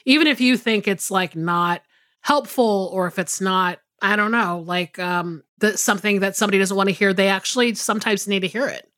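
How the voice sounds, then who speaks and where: A woman's voice: mid-range voice, a little fast, a bit bright, no echo, studio quality. A woman co-hosting a podcast, talking casually and rambling with lots of fillers and restarts. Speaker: podcast co-host. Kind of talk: casual chat.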